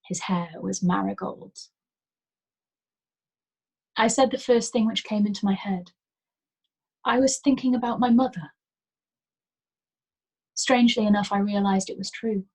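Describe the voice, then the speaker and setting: A woman reading a novel aloud as a storyteller, in a soft and gentle manner that sometimes drops to a whisper. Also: medium pitch, slightly rough, poor audio.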